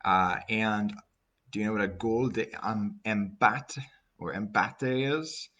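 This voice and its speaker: A young Canadian man with a Canadian accent, an English teacher giving a chatty, relaxed vocabulary lesson full of asides. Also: lowish voice, slow, highs cut off.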